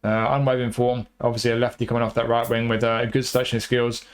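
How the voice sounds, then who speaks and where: A man's voice: medium pitch, little pitch movement, fast talker. A man casually reviewing football game player cards, rambling and repeating himself with lots of fillers. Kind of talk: casual commentary over gameplay.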